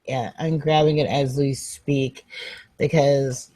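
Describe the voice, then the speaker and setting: A woman's voice: rumbling low, level tone, takes it slowly, warm tone, poor audio. A woman co-hosting a book show in casual chat, blunt and wry, swearing casually.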